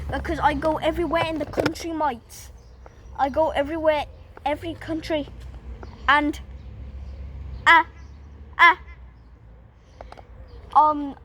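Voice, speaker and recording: A woman playing a brash, bumbling Australian male nature explorer in a comic mock nature show, in an Australian accent, stumbling over words and calling everyone "mate". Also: high-pitched. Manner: says "mate" constantly, stumbling restarts, boastful. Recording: loud background noise.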